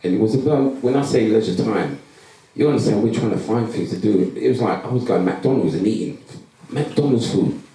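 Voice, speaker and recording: With a lowish voice and a fairly quick pace, an ex-pro footballer recounts his life to a crowd. He plays out quoted exchanges as he goes, and the echoey event hall is captured from a distance.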